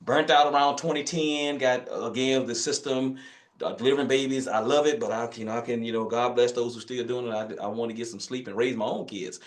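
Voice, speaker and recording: A man in his fifties with a Northern Louisiana country accent talks casually as a physician in an online class. He is folksy and quick to joke, with a voice of middling pitch. His voice carries a roomy echo. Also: fairly even intonation. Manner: folksy, joking, country turns of phrase. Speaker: physician guest speaker. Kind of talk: casual webinar talk.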